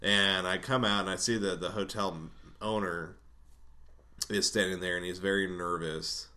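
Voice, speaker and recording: Low-voiced guy rambling through a story, swears a lot, bright edgy tone. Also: fairly even intonation, moderate pace. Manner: rambling, swears often, laughs between lines. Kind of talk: casual storytelling.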